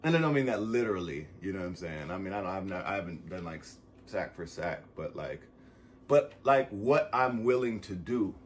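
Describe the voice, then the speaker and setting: A man vlogging a casual motivational monologue, rambling and swearing, swinging from loud bursts to soft asides as he gets emotional and close to tears. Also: deep voice, big pitch swings, a little fast, a little hiss or hum.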